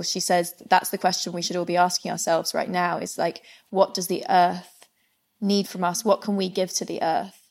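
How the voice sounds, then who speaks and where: A woman's voice: on the low side, creaky. A woman co-hosting a podcast, musing in casual chat with many fillers.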